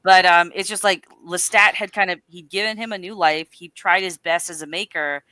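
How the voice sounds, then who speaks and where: A woman's voice: fairly low pitch, moderate pace, no echo. A woman casually recapping a film on a livestream podcast, acting out the characters' lines as she tells it. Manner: animated storytelling, acting out quotes. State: a little nervous.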